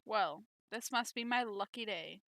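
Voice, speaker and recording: A woman's voice: mid-range voice, unhurried, fairly bright tone, dry recording. A woman reading aloud as a cruel, mocking male villain general who rides a dragon. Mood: taunting. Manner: mocking, taunting.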